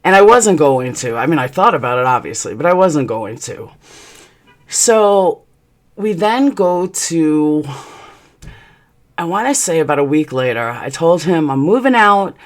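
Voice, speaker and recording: A woman telling a personal story in a vlog, blunt and heated, swearing freely and rambling through quick asides. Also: deep voice, lively intonation, a little mellow. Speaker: channel host.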